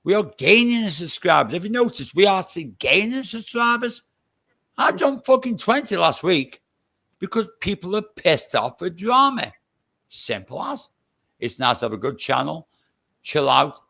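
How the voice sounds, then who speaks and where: A man's voice: fairly high pitch, animated, normal speed, vocal fry, pushed and bright. A man with a Stoke-on-Trent accent mixed with Irish touches, a guest chatting casually on a live stream, blunt and swearing freely. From England.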